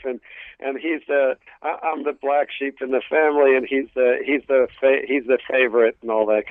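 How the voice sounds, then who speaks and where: A stand-up comedian from New York City with a New York accent, telling family stories in a casual interview, full of restarts and acted bits. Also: male voice, medium pitch, dry recording. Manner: storytelling with acted family voices, many restarts. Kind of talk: casual radio interview chat. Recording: tinny phone line.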